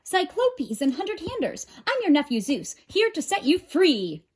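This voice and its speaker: A woman voicing a brash young boy god in a storybook reading, eager and loud. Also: unhurried, a little hiss or hum, full character voice. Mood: singsong. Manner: excited, shouting high.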